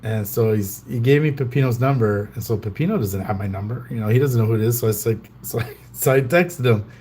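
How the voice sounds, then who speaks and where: A man's voice: mid-range voice, brisk, dark tone, slight background noise. Man rambling through a casual livestream story. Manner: rambling storyteller, full of fillers and chuckles. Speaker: trading card livestream host.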